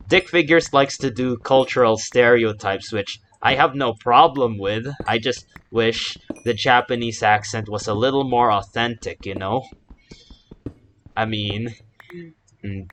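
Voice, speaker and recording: A man talks through his game session at an unhurried pace, wandering off into asides and correcting himself mid-thought. His voice sits at an ordinary pitch. A faint hiss runs under the recording. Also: fairly bright tone. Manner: rambling, chatty, self-correcting asides. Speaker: gaming YouTuber. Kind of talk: casual Let's Play commentary.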